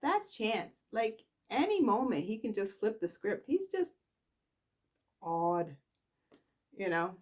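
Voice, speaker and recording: A woman casually recapping a soap opera, chatty and animated, acting out the characters' lines. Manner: chatty, slow, acts out characters' lines with big pitch jumps. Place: at home.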